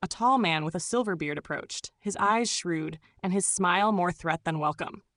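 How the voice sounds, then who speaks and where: A woman narrates an audiobook in a steady, even first-person reading. Her voice sits on the low side, and the recording is dry and close. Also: normal speed, no echo.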